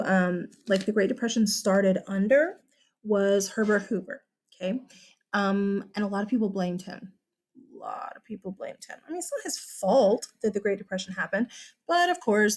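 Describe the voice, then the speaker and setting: Woman, Texan accent, young adult, history teacher, chatty, animated, exclamatory. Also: mid-range voice. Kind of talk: recorded history lesson.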